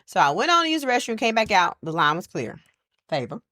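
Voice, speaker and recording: Woman podcast co-host, casual chat, animated storyteller, rising and falling voice, dry recording. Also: medium pitch, fast, no echo. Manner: animated storyteller, acts out quoted people.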